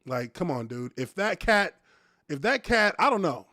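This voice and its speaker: A man's voice: fairly high pitch, big pitch swings, normal speed, sharp tone, no room sound, studio quality. A man in his thirties, a former offensive lineman, hosting a casual live stream and telling stories with a lot of profanity and laughter.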